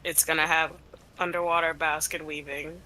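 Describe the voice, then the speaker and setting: A woman's voice: low voice, flat delivery, moderate pace, sharp tone, a little hiss or hum, rough recording. A woman chatting casually while playing a game, with dry, laughing reactions. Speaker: co-host. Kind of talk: casual chat while gaming.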